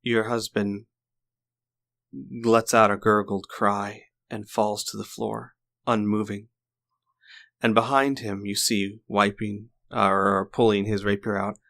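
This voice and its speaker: A man narrating a tabletop game as game master in a slow, deliberate storytelling manner. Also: lowish voice, gravelly, a bit bright.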